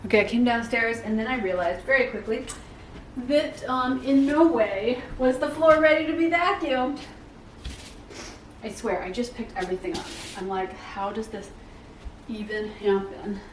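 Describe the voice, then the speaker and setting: A woman's voice: a little high, normal speed, slight background noise. A woman chatting casually and playfully while she cleans her house, tossing in self-mocking jokes. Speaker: home vlogger. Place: inside a house. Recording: echoey room, mic far off.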